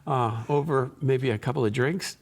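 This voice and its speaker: A man of medium pitch, a guitarist answering interview questions in a relaxed, conversational way. He is thoughtful and circles back on his words, with the odd easy laugh. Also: moderate pace. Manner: thoughtful, repeats and restarts words, laughs easily.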